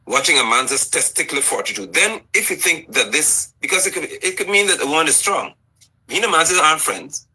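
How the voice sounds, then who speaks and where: A husky, very bright-toned man hosts a live political commentary show. His pitch swings widely as he presses one indignant rhetorical question after another while walking through slides. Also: animated, fairly quick, rough recording.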